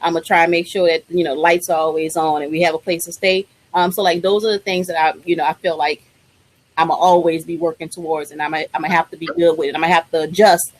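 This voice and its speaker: A woman's voice: sits low, flat delivery, quick pace, poor audio. A woman co-hosting a live web chat show, talking in a casual, slangy way with lots of fillers.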